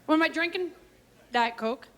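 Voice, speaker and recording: A woman performing live stand-up comedy, riffing in a quick, quirky, self-mocking way and bantering with people in the audience. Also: high-pitched. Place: stage before a live audience. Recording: live audience laughter and noise.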